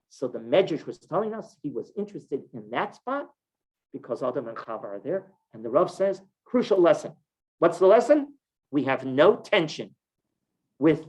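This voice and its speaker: A male rabbi teaching a weekly Torah class, his delivery lively and full of swings in pitch. He poses questions to his listeners and presses points with emphatic repetition. His pitch sits in the middle for a man. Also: low-quality recording. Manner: animated, emphatic, rhetorical questions.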